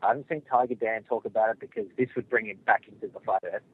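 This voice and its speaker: A man's voice: lowish voice, fairly even intonation, quick pace, slight background noise. An Australian man calling in to a talk show, chatty and blunt. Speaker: caller. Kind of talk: phone-in call. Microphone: phone. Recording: tinny phone line.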